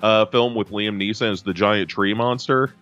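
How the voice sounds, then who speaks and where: Chatty low-voiced American man podcasting. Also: steady tone, moderate pace, fairly bright tone, muffled recording, soft background music. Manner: rambling, self-interrupting, chatty. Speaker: podcast co-host. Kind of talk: casual chat.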